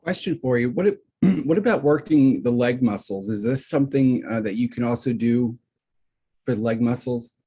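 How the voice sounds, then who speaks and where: A man hosting a webinar, reading out audience questions with a hesitant, halting manner. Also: mid-range voice, mellow, husky. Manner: hesitant, many fillers and restarts. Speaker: webinar host. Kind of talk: moderating questions.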